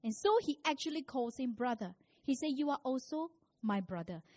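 A woman's voice: sits high, expressive, moderate pace. Woman preaching a sermon. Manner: storytelling, rising to loud emphatic preaching.

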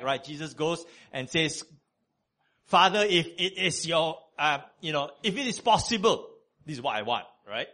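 Lively, animated male preacher. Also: fairly high pitch, moderate pace. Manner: animated, conversational preaching with many fillers. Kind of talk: sermon.

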